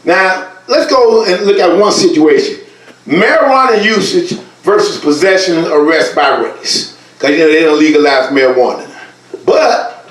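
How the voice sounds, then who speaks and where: A man's voice: high voice, roomy sound, far from the mic, poor audio. A man teaching a Bible lesson from slides in an emphatic, colloquial way, speaking straight to his listeners.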